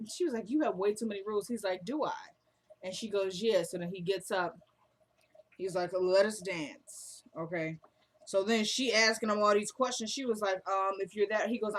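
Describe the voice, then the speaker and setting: A chatty woman recapping a TV episode in casual talk, acting out the characters' lines as she goes. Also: mid-range voice. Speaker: recap vlogger.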